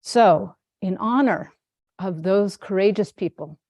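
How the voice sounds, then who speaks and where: A woman, a Zen teacher, giving a dharma talk in an unhurried, gently amused storytelling manner. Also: medium pitch, no room sound, clean studio sound.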